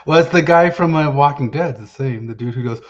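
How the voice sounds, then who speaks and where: A man hosting a casual podcast chat, rambling and often pausing with fillers while searching for names. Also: mid-range voice. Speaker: podcast host. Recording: dull lo-fi sound.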